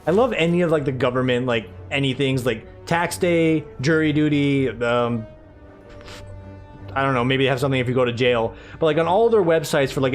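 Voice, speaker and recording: A man giving casual, rambling gameplay commentary full of sarcastic asides. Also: medium pitch. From United States. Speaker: let's play gamer.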